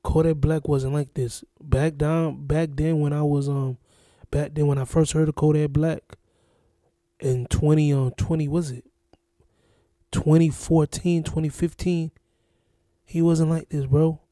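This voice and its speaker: A man from Florida talks through a reaction video in loose, repetitive casual commentary. His voice sits a bit high yet sounds very dark and mellow. The sound is close and dry. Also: level tone, a little slow, no echo. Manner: rambling, repetitive, exasperated. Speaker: reaction channel host.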